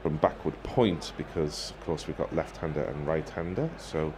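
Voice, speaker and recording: A man giving ball-by-ball cricket commentary in a measured, wry way, lifting his voice when a wicket falls. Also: very deep voice, noisy background. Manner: wry, measured, quick to joke.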